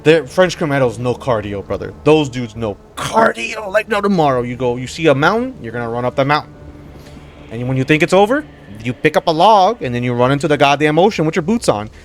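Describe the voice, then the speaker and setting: A man's voice: a little high, sing-song, a little fast, faint music behind. A man giving casual, rambling commentary while he plays a game, slangy and profane, jumping between stories and reactions. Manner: rambling, profane, slangy, calls listeners brother. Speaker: gamer and commentator.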